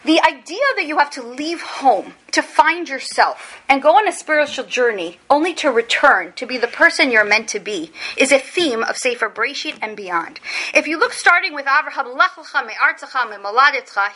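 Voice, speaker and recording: Animated woman teaching a text lesson. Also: high voice. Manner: animated, acts out quoted voices of biblical figures. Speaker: Torah teacher.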